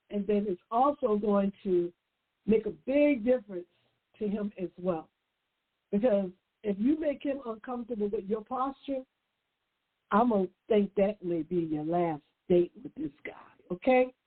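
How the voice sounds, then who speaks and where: A woman's voice: mid-range voice, slightly rough. A woman hosting a relationship advice show. She talks straight to her listeners in an emphatic, preachy way and repeats her key points. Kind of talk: direct-address advice talk. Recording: tinny phone-like line.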